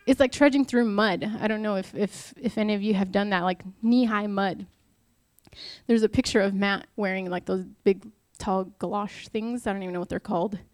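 A woman's voice: medium pitch, fairly even intonation, moderate pace, no echo. Chatty woman giving a devotional talk. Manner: chatty and candid, with many fillers and rhetorical questions. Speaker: speaker at a church talk. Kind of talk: informal devotional talk with personal stories.

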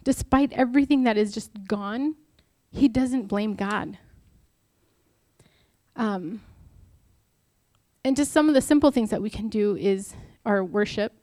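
A young adult woman gives a casual devotional talk at church, speaking frankly and weaving personal stories together with rhetorical questions. Her voice sits in the mid range with a dark tone, and she moves at a measured pace with frequent pauses. The recording is dry.

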